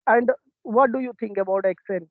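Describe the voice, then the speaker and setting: A man's voice: high voice, moderate pace, no room sound. A man with an Indian accent, hesitantly asking questions in a casual English practice conversation. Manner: hesitant, many filler uhs, agreeable. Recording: tinny, phone-like, dry.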